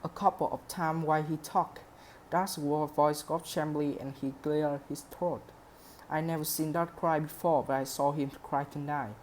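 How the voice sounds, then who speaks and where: A woman's voice: low voice, darkish tone, slight background noise. A woman reading a novel aloud steadily, with a few small slips. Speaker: reader.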